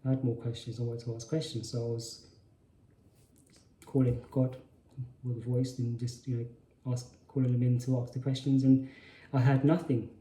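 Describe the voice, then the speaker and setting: A man's voice: mid-range voice, flat delivery, normal speed, pauses often, mellow, a little hiss or hum. A man telling a personal story in a hesitant way, often restarting and correcting himself. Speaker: spiritual channel host. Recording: roomy echo.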